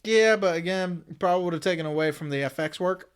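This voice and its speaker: A man co-hosting a casual movie review chat, laid-back and quick to joke and laugh. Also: sits high, smooth. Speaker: podcast co-host.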